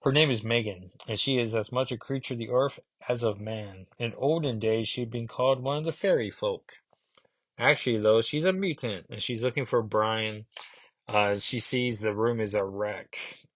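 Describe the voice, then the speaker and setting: A man's voice: mid-range voice, normal speed, fairly bright tone, no room sound. A man casually reviewing comic books, rambling with fillers and asides.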